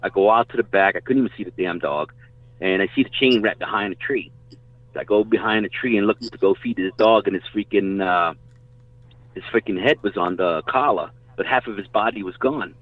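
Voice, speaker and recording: Low-voiced man on a tinny line. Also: a little fast, dry recording. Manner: rambling, swears casually. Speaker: guest telling hunting stories. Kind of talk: casual storytelling chat. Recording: dry tinny phone-like line.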